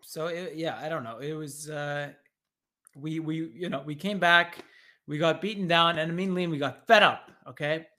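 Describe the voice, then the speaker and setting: A man's voice: a little high, moderate pace. A man hosting a podcast, telling a rambling comic story with swearing, recorded remotely through an online studio. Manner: rambling, animated, swears freely. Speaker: podcast host. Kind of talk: casual comedic storytelling.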